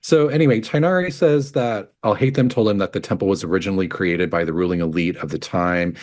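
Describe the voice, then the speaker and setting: Guy with a really deep voice just chatting on a podcast, laughs a lot, says like a lot. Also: brisk, darkish tone. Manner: chatty, laughs often, filler "like". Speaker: podcast co-host. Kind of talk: casual chat recapping a game story. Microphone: podcast microphone.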